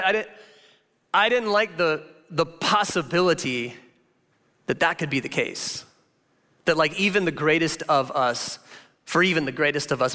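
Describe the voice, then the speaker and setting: A man preaching a casual, conversational sermon as a pastor, animated and chatty, full of filler words. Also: high-pitched. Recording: reverberant hall sound.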